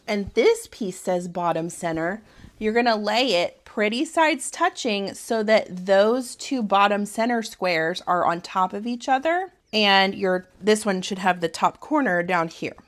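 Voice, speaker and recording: A woman in her thirties with a Southern US accent, hosting a casual sewing tutorial from her home sewing room, chatty and rambling with frequent laughs. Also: medium pitch. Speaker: sewing channel host. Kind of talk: casual sew-along tutorial.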